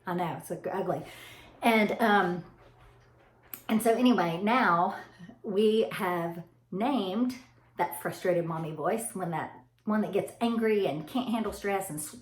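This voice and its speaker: Mother vlogging, chatty and animated, voice ringing in a bare room. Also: mid-range voice, a little slow, slight background noise. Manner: animated, laughing storyteller who addresses viewers as y'all. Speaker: mother vlogging about parenting. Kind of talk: casual chatty monologue to camera. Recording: echoey room.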